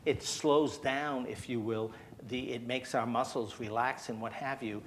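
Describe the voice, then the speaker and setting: In a church hall, a man with a mid-range voice presents at a health seminar, walking the audience through a breathing technique step by step. His tone is steady and his pace measured, and he often checks in with "okay?" while demonstrating the breathing and coaxing people to join in. A little hiss or hum sits under the recording.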